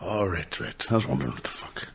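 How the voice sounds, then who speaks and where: Lively teasing man. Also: sits low, quick pace, husky. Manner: teasing, excitable. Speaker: podcast co-host. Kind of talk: casual chat.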